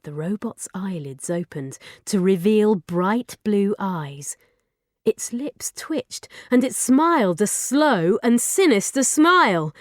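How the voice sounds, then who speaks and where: Lively woman reading a story. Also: mid-range voice, slow, dry recording, clean studio sound. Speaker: audiobook narrator. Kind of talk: children's audiobook narration.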